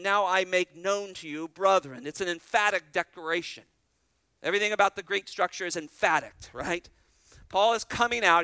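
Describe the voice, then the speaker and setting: A middle-aged man preaching a sermon as pastor, emphatic, with loud stressed phrases and repeated starting words. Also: high-pitched, no room sound.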